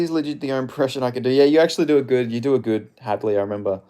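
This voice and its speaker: A man's voice: medium pitch, fairly even intonation, racing, few pauses, mellow, smooth. A man with an Australian accent, a streamer rambling loosely through viewer comments, swearing casually and filling his talk with filler words.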